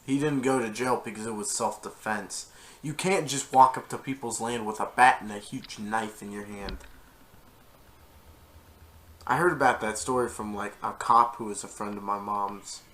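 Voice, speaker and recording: A man's voice: fairly low pitch, steady tone, moderate pace, a bit bright. Rambling man chiming in casually. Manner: rambling, hesitant, with ums and restarts into side stories. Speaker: co-host reacting to the story. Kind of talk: casual chat commentary.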